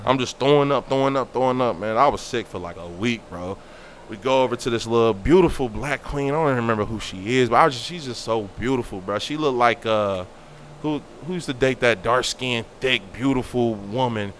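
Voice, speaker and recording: A man's voice: medium pitch, fairly quick, slight background noise. A young man telling a story in casual talk, acting out the voices of the people in it. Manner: animated, acts out quoted voices.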